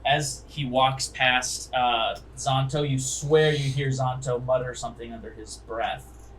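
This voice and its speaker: A man's voice: mid-range voice, fairly even intonation, a little slow, a bit bright, a little hiss or hum, low-quality recording. A man narrating a tabletop game as game master, rambling along with many fillers.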